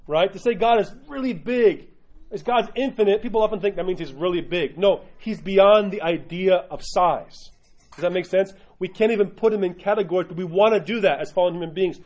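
A man's voice: sits high, a little mellow. A man teaching a religion class to a group, who often stops to ask the room questions. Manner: asks the class questions, uneven pace. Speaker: Orthodox Christian teacher. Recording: dull lo-fi recording.

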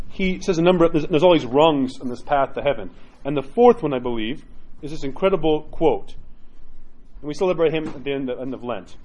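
A man who is a priest, preaching in a conversational, animated way, with many rhetorical "right?" asides and quoted inner voices acted out. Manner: acts out quoted inner voices with sudden jumps in pitch. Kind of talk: sermon.

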